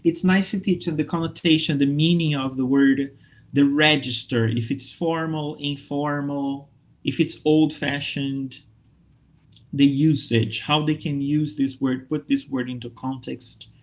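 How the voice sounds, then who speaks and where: A man from Brazil leads an online training session for English teachers over a computer mic. His voice sits a little higher than most men's, and he keeps it upbeat and lively, checking in with his listeners again and again. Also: unhurried. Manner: lively, upbeat, checks in with frequent okay and right.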